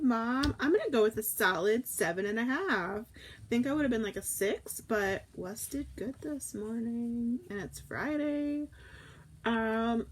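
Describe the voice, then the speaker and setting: A woman's voice: on the high side, a little hiss or hum. Chatty woman hosting a casual live stream. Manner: chatty and rambling, greets viewers by name. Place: camper in a backyard. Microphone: old tablet.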